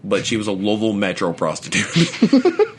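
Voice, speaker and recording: A man's voice: on the low side, huge pitch swings, moderate pace, a little hiss or hum. A young man, co-hosting a podcast and telling rambling stories in casual chat, laughing often and stumbling over his words. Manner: rambling, laughs through his own stories, stammers and restarts. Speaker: podcast co-host.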